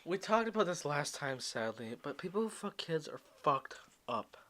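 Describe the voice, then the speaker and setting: A man's voice: on the high side, sing-song, normal speed, fairly bright tone. A young man co-hosting a casual podcast, joking, swearing freely and laughing often. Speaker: podcast co-host. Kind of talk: casual chat.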